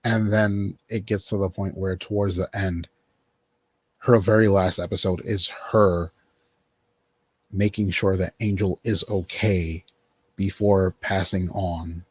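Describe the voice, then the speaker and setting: Husky low-voiced man recapping a show. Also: fairly even intonation, takes it slowly, a little mellow, dry recording. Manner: rambling, filler-heavy, quotes characters in mock voices. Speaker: podcast host. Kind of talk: casual chat recapping a TV show.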